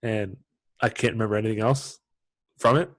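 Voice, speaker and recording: A young man from Ontario speaks with a Canadian accent in a lowish register. He hosts a relaxed podcast conversation, rambling a little and leaning on filler words. The sound is close and dry, with no room echo. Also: brisk. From Canada (London, Ontario). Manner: loose and chatty, many "like" fillers and restarts. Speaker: podcast host. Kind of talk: casual interview chat.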